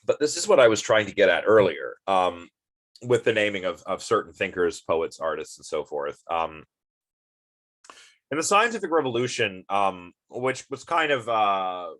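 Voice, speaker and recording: A man with a fairly low voice gives a casual philosophy lecture to his students. He sounds sleepy and rambles, leaning on lots of fillers and little asides. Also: fairly bright tone. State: sleepy, yawning.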